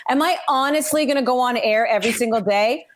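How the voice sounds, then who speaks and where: A woman's voice: a little high, quick pace. A woman from Canada, a sportscaster, chatting casually as a podcast guest and acting out quotes as she tells stories. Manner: chatty, animated storyteller, acts out quotes.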